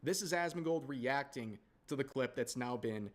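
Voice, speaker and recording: Male commentary-channel host; mid-pitched, outraged, speaks to the audience directly. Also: animated, normal speed. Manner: outraged, addresses viewers as ladies and gentlemen. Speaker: online commentary video host. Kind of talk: scripted commentary narration.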